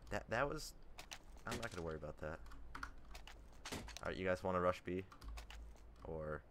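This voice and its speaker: Low-voiced man mumbling over game chat. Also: lively intonation, normal speed. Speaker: gamer recording a multiplayer match. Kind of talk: casual voice chat during an online shooter. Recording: gameplay noise behind a voice-chat mic.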